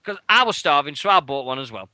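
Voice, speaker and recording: Bright, animated British man telling a story. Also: fairly high pitch, quick pace, no room sound. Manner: animated, swearing, shouting out quoted lines. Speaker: radio show host. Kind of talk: casual storytelling chat.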